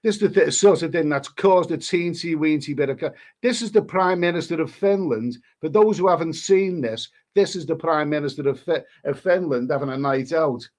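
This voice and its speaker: A man's voice: a little high, moderate pace. A man, hosting a live stream and rambling through crude commentary with many restarts. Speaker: livestream host.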